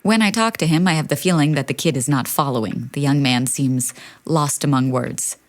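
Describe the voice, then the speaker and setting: A woman performing a staged reading of a play as a monologue, wry and anxious, moving between brisk lists and hushed, confessional passages, recorded in a studio. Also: low-pitched.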